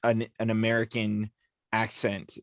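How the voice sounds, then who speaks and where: A man's voice: on the low side, completely flat delivery, unhurried, no room sound. A man co-hosting a casual discussion podcast, explaining at length with lots of fillers. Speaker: podcast co-host.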